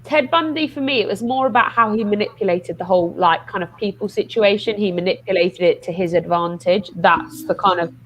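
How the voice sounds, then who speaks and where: A woman's voice: mid-range voice, a little fast, few pauses, a little hiss or hum, poor audio. A woman in casual chat on a video call, talking with many fillers. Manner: filler-heavy, says like a lot.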